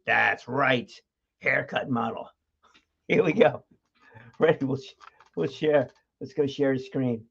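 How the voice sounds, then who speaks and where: Slow and gravelly, with a mid-range voice that is a bit bright and slightly rough, this livestream host pauses often. He chats casually and rambles, laughing a lot and filling his talk with fillers and restarts over dull lo-fi stream audio.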